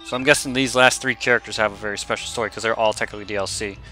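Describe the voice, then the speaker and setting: A man talks casually over a game playthrough in a chatty, self-correcting way. His voice is very bright and sharp-edged, and a little game music plays faintly underneath. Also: on the low side, fairly even intonation, very fast. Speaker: gamer.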